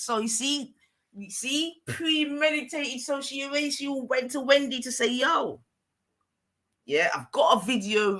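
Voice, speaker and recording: A woman's voice: a little high, bright, forceful tone. Emphatic woman ranting on a live stream. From London. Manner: emphatic and repetitive, keeps asking the listener to follow.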